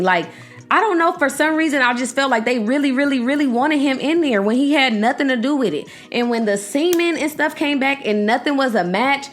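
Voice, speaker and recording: A young woman hosting a podcast, giving animated, outspoken commentary straight to her listeners. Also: a little high. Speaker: podcast host. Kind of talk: casual commentary to her audience.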